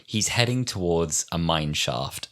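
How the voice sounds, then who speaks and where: A woman in her twenties co-hosting a podcast, chatting casually and animatedly retelling scenes. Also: measured pace. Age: 20s. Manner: animated retelling, bursting into high acted-out lines. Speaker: podcast co-host. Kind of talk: casual chat.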